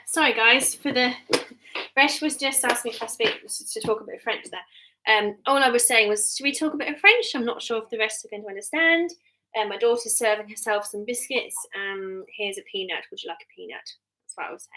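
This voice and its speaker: A woman's voice: a little high, brisk, bright, forceful tone, rough recording. An English woman in her thirties chatting casually on a live stream, rambling with many ums and restarts. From England. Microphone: webcam or phone mic on a live stream.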